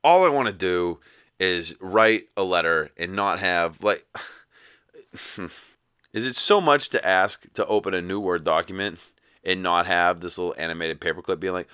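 Low-voiced man on a comic rant. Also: moderate pace, sharp tone, clear, resonant tone, no echo. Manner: exasperated, mock-indignant ranting. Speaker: podcast host.

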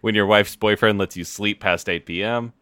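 A man co-hosting a comedy podcast in casual chat, animated and laughing often as he mock-rants. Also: fairly low pitch, normal speed, clean tone, no echo. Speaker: podcast co-host.

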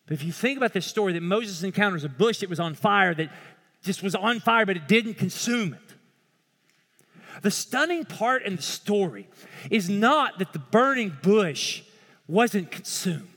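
High-voiced preacher in a reverberant hall. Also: male voice, lively intonation, moderate pace. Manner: impassioned preaching, swings from loud pleading to hushed. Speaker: pastor. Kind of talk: sermon.

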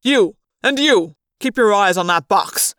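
Woman reader putting on a cruel male alien commander, loud and forceful, dry close sound. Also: mid-range voice, measured pace, no echo, natural voice. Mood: commanding. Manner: barking commands, menacing. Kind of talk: fan audiobook reading.

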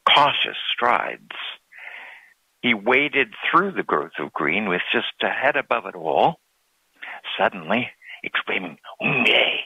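Male storybook narrator, husky, dry close sound. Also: low-pitched, bright, forceful tone, no echo, low-quality recording. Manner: slow, deliberate reading. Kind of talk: storybook reading.

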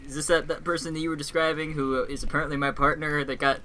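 A man playing a deadpan police officer in an improv comedy scene. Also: a little high, fast, a little hiss or hum.

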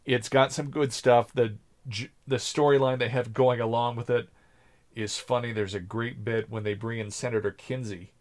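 A man's voice: mid-range voice, moderate pace. A man co-hosting a podcast, chatting casually about a TV series and acting out quotes in raised voices. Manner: animated when joking, acts out quotes in raised voices. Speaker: podcast co-host.

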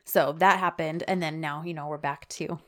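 A woman co-hosting a casual podcast, retelling a TV scene in animated detail and reading out the dialogue. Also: deep voice, normal speed. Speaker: podcast co-host recapping a TV episode. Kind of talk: casual chat.

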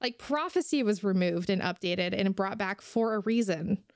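A young woman vents on a casual podcast, heated and quick to swear. Her voice is smooth and clear. It sits close and dry, with no room sound. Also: medium pitch, animated, no echo. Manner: heated, ranting, swears freely. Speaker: podcast co-host.

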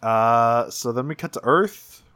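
A man's voice: medium pitch, animated, a little slow, a bit bright, clean tone, no room sound, clean studio sound. A man co-hosting a podcast, recapping episodes in casual chat, rambling with lots of restarts and fillers. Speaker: podcast co-host recapping a cartoon series.

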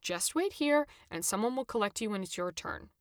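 A woman's voice: mid-range voice, expressive, moderate pace, dry recording, clean studio sound, close to an everyday voice. A woman voicing a frazzled young woman working at a testing site, talking in hesitant, stumbling bursts. She is reading the figure aloud in a storybook narration. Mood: flustered.

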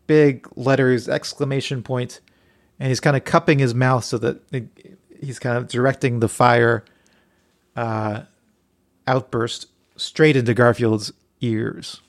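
A man co-hosting a casual podcast chat, making deadpan jokes and stumbling over his words. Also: mid-range voice, a little slow. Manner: deadpan joking with stammered restarts. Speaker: podcast co-host.

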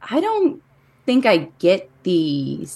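Female comedian guest, slow and lively, giggly, crowd noise behind. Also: fairly low pitch, gravelly, slightly rough. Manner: giggly, hesitant. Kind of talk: casual chat.

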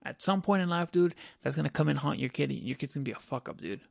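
A man's voice: on the high side, quick pace, gravelly, dry recording, studio quality. A man in casual podcast chat, blunt and profane, ending almost every phrase with "dude".

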